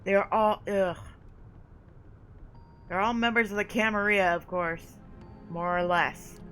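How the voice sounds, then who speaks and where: A woman's voice: mid-range voice, a little slow, fairly bright tone, soft background music, lightly acted, low-quality recording. A woman voicing a haughty, condescending female vampire sire, reading game dialogue aloud with drawled endearments.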